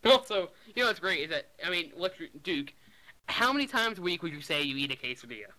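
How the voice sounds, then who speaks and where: A young man from the Boston area, rambling and excitable as he co-hosts a podcast chat. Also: sits high, rough recording. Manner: rambling, excitable, quick to laugh. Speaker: podcast host. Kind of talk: casual chat.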